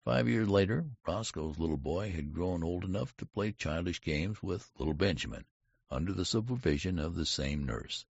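A man reading an audiobook with expressive, scripted narration. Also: low voice, normal speed, gravelly, breathy edge, dry recording. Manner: expressive storytelling. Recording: dry, slightly dull recording.

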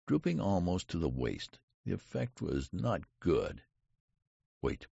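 A man narrates a story in a measured, deliberate way, his voice very low with a gravelly edge. His pitch moves a lot across sentences, lifting for the characters' lines. The sound is husky, dry and a little dull, with no room around it. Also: a little mellow, no room sound. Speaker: audiobook narrator. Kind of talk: scripted narration.

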